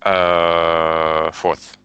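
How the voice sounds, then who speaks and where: Male beginner student, very low voice, slow, short replies and hesitant guesses, video-call lesson. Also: monotone, bright, forceful tone, clean tone, dry recording, lo-fi sound. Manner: brief, agreeable replies and tentative guesses. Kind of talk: online language lesson.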